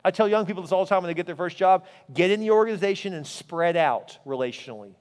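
Male pastor, sermon, lively storytelling, fairly high voice, long hall reverb. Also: fast, smooth. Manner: animated storytelling, voice rising high in anecdotes.

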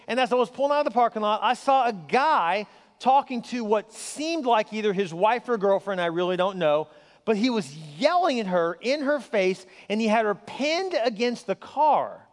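A male pastor with a very high voice tells stories from the pulpit and keeps asking his listeners questions. His speech is conversational. It rings out with a long reverb, as in a large church hall. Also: expressive, normal speed. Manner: storytelling, conversational, asks the crowd questions. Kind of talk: sermon.

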